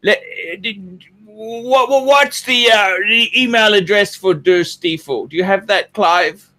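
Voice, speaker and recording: A man's voice: high-pitched, measured pace, sharp tone. A man co-hosting a casual livestream, with stammering restarts and joking banter. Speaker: co-host of a watch livestream.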